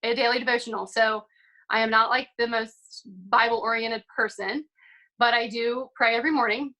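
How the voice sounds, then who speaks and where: A young woman speaks on a video call in an upbeat, chatty way, with lots of casual fillers. Her voice sits a little high and has a bright, forward ring. She talks like she's encouraging a team. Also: poor audio. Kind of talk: casual motivational call talk.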